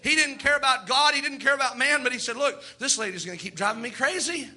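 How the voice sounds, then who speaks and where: Male preacher, very high and piercing voice, fervent sermon delivery that voices the people in his stories. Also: quick pace, pushed and bright.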